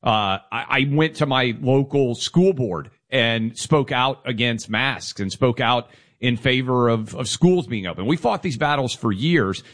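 Male talk radio co-host, mid-range voice, emphatic and steady argumentative read. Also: mid-range voice, measured pace. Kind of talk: political talk radio commentary.

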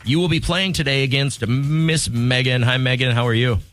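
A man's voice: mid-range voice, fairly even intonation, moderate pace, a bit bright, faint music behind. Upbeat man hosting a radio contest. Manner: upbeat, jokey, running a call-in trivia game. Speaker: radio morning show host.

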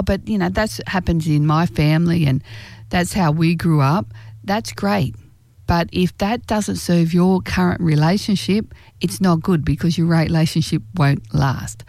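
A woman giving relationship advice in a direct, earnest way, slowing down to stress key phrases. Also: on the low side, creaky, a little mellow, dry recording. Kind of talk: direct-to-camera advice talk.

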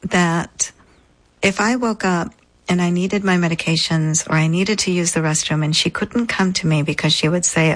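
A woman guest in an interview, recounting a personal experience in a measured, deliberate way with frequent pauses. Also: lowish voice, rough recording. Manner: measured, deliberate, pausing often. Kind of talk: reflective personal storytelling.

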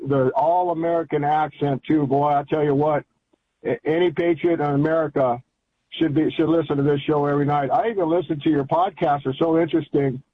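An older man calls in to a talk radio show and rambles on in a folksy, emphatic way. His voice sits a little high and sounds husky. It comes through a thin, tinny telephone line. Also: fairly even intonation, fairly quick. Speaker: caller. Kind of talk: call-in radio chat.

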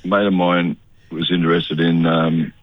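An older Australian man, an actor, telling stories in a relaxed, chatty radio interview over a muffled line. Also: sits low, normal speed, no echo. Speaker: actor guest.

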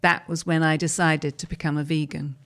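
A woman hosting a program, reading a first-person interview article aloud in a measured storytelling manner. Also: sits low, flat delivery, a bit bright.

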